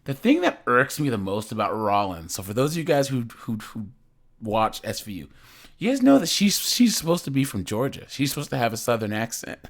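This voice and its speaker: A man's voice: medium pitch, sing-song, moderate pace. A man hosting a reaction channel, chatting casually and rambling, repeating words and laughing often.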